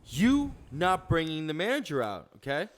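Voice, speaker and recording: A man's voice: fairly high pitch, very animated, normal speed. A man voicing an entitled woman customer who scolds and demands the manager, tagging "okay?" onto his complaints. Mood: demanding.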